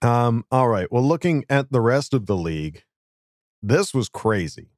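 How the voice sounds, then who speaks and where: A man co-hosting a casual sports podcast, talking quickly and laughing often. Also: mid-range voice, big pitch swings, darkish tone, dry recording, clean studio sound. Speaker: podcast co-host.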